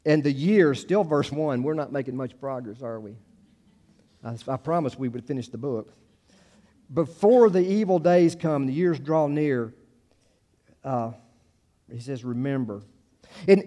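A man's voice: medium pitch, dark tone. A middle-aged American man preaching a sermon in a conversational way, with asides and self-deprecating jokes, rising to emphatic peaks on key phrases. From United States. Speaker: pastor.

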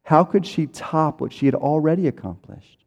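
A man's voice: fairly high pitch, animated, normal speed, vocal fry, darkish tone. A man preaching a sermon in a conversational way, acting out people's inner voices as he goes. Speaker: pastor. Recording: reverberant hall.

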